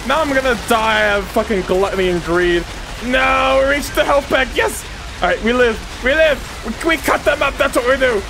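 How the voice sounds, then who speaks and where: A woman commentating her gameplay casually, excitable, swearing and trash-talking enemies. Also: on the high side, unhurried, music in the background. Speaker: gaming streamer.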